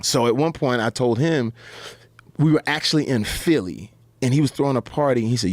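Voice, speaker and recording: A man guest telling stories in a lively way, jumping into high voices to act out the people he quotes. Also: a little fast. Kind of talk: animated storytelling.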